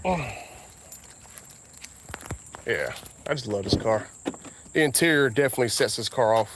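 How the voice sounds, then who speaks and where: A man with a Southern US accent rambling casually as a car vlogger outdoors, drawing out his words and breaking into sudden high exclamations. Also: expressive, noisy background. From Southern United States. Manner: laid-back, drawn-out talk with sudden high exclamations.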